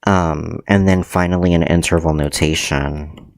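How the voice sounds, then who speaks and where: A man's voice: deep voice, steady tone, unhurried, gravelly, dry recording. A man teaching a livestreamed math lecture, hesitant, with many ums and frequent self-corrections.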